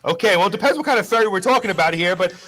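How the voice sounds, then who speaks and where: Man, news presenter, jokey self-deprecating banter, high voice, bright tone. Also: lively intonation, very fast. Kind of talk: casual live morning show chat.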